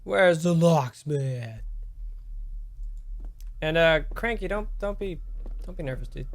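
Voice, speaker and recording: A man's voice: fairly high pitch, lively intonation, takes it slowly. A man streaming a game live, joking and thanking viewers.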